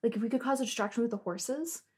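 A woman's voice: fairly high pitch, quick pace, husky. A woman playing a tabletop game, talking casually and hesitantly as she plans. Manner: hesitant, many "like" fillers. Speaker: player.

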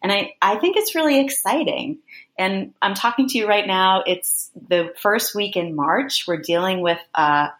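A woman's voice: medium pitch, moderate pace, fairly bright tone, echoey room. A woman guest in a casual interview who talks enthusiastically and thinks aloud, often restarting her sentences.

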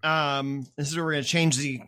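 Chatty game master running a tabletop game, bright voice, lots of ums. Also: mid-range voice, fairly even intonation, fairly quick. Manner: chatty, many fillers, laughs along.

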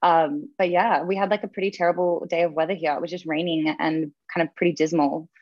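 A woman's voice: sits low, fairly even intonation, brisk, no echo, dull audio. A woman in her twenties with an Australian accent, a radio host chatting as a guest at home, filling her talk with "like". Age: 20s. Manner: chatty, filler-heavy, lots of "like". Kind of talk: casual interview chat. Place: home in the evening.

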